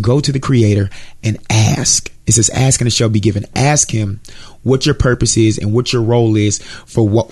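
Brief: American male guest, earnest and preachy, encouraging, average pitch. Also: darkish tone. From United States. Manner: earnest, encouraging, repeats words. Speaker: Christian rapper and guest. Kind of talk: interview, preaching.

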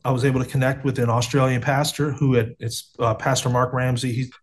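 A man in his thirties from the United States shares his life story as a guest on a video call from a home setup. His medium-pitched voice moves little in pitch and keeps a brisk pace. Earnest and casual, he offers testimony with many restarts and slang such as "man" and "bro."

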